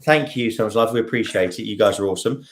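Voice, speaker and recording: A lowish-voiced Englishman with an English accent rambling cheerfully through a livestream Q&A, full of asides and ums. Faint background hiss sits under his voice. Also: fast, roomy sound. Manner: chatty and joking, with lots of ums and asides. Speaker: vlog host answering viewer questions. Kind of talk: casual livestream Q&A.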